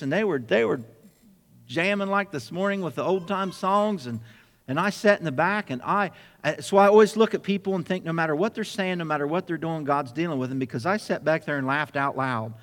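A man preaching a sermon, telling a personal story with lively acted-out dialogue. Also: fairly high pitch, fast, big-room sound. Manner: animated storyteller acting out dialogue. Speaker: pastor.

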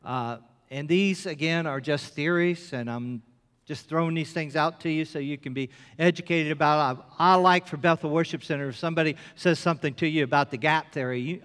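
Male pastor, 50s, emphatic sermon delivery, slightly raised pitch, big church reverb. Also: moderate pace, fairly bright tone, smooth. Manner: impassioned, emphatic preaching with rising calls. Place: church sanctuary. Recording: long hall reverb.

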